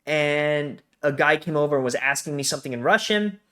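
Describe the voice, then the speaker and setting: Animated American man telling stories. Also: fairly high pitch, brisk. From Colorado, USA. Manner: animated storytelling, laughs often. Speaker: guest. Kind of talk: casual conversation.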